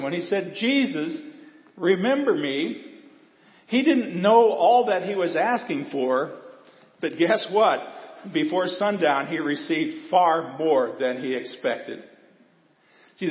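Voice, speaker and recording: Pastor preaching in an echoey church. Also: male voice, on the high side. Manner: earnest preaching with folksy asides. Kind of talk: sermon. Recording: dull, echoey church with long reverb.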